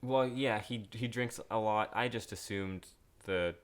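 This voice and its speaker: Chill guy cohosting a movie podcast, lowish voice, kinda sarcastic. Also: a little slow, smooth. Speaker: podcast co-host. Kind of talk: casual film chat.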